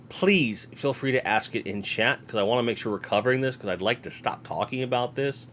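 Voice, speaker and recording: A man's voice: medium pitch, a bit bright, slight background noise. A man hosting a live toy-collecting show, chatting casually and rambling while reading viewer comments aloud. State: yawning. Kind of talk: casual live-stream chat. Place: home room with toy shelves behind.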